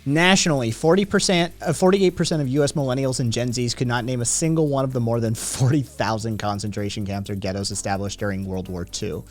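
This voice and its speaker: A man's voice: mid-range voice, brisk, few pauses. Profane, sardonic man reading chat on stream. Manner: profane, sardonic, reacts aloud while reading statistics. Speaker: livestream host reading chat. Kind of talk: casual livestream commentary.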